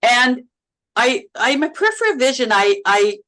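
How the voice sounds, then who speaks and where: A middle-aged woman from Canada, an actress and podcast guest, telling on-set stories in a lively, laughing way, often repeating words as she goes. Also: on the high side, moderate pace, low-quality recording. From Canada, Manitoba. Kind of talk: casual interview chat.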